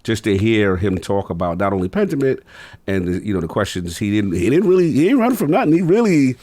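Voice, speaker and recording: A man's voice: lowish voice, big pitch swings, a little fast, warm tone, no room sound. A man co-hosting a casual podcast, laid-back and slangy, breaking into hyped laughter. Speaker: podcast co-host.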